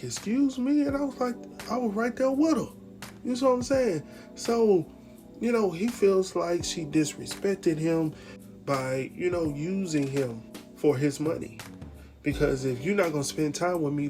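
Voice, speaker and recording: A man's voice: on the high side, normal speed, a little mellow, faint music behind. A man with recapping a TV episode in casual commentary, acting out the quotes and laughing often. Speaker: TV recap host.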